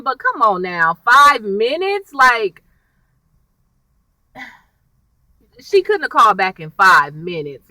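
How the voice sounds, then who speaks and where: A young woman gives a chatty, slang-filled recap of a TV episode and acts out the characters' lines as she goes. Her voice is high and very bright, swinging widely in pitch. The sound is dry, with her sitting a little back from the mic. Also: normal speed, dry recording, far from the mic, poor audio. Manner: chatty and animated, lots of slang and y'all. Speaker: TV recap vlogger.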